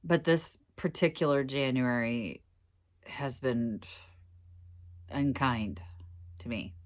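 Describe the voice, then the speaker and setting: A woman's voice: very deep voice, takes it slowly. A middle-aged woman from Minnesota talking casually to her vlog viewers, emotional and tearful, laughing through it. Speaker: vlogger.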